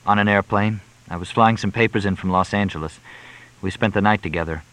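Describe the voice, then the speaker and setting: A man voicing a grieving young government clerk who answers in short, flat, weary replies. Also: lowish voice, a little fast, lightly acted, poor audio.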